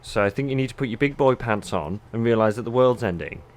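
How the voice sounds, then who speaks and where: Player, blunt and cheeky. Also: male voice, mid-range voice, lively intonation, fast. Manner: blunt, cheeky in-character banter.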